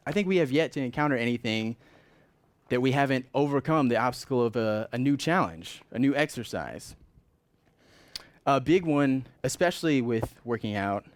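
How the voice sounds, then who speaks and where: A man's voice: mid-range voice, no room sound. Earnest conversational male preacher. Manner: conversational and earnest, with rising emphasis. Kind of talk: sermon.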